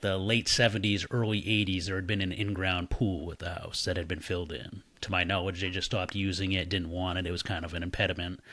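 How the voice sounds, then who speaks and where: A man with a somewhat low voice tells a story in a relaxed, casual way. He is animated and swears freely. He jumps into the voices of the people he quotes. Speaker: podcast guest.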